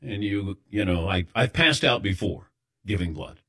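A man's voice: lowish voice, expressive, normal speed, fairly bright tone. A man hosting a sports talk show, telling wry, self-deprecating stories in casual chat while a little lightheaded. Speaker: sports radio host.

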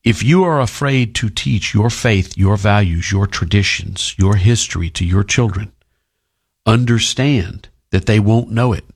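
Gravelly talk-radio host. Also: male voice, lowish voice, a little slow. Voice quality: emphatic, sarcastic, mocking asides. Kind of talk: opinionated talk radio monologue.

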